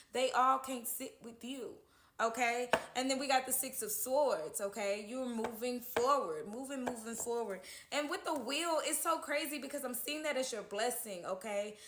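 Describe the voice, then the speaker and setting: A woman's voice: a little high, fairly bright tone, roomy sound, a little hiss or hum. A woman giving a casual tarot horoscope reading, chatty, who keeps checking in with "okay?" at the end of her lines. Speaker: tarot reader.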